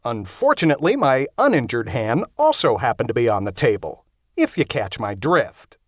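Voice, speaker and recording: A man's voice: mid-range voice, very animated, normal speed, husky, dry recording, studio quality. A man narrating a horror-comedy audiobook in the first person, with a wry, conversational delivery.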